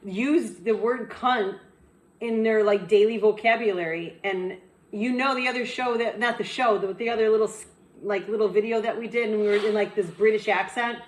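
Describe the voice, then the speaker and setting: A woman's voice: mid-range voice, normal speed, roomy sound, rough recording. A woman co-hosting a casual talk show, teasing her partner in a rambling, repetitive way. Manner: teasing, rambling, repeats words. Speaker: co-host. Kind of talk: casual couple banter.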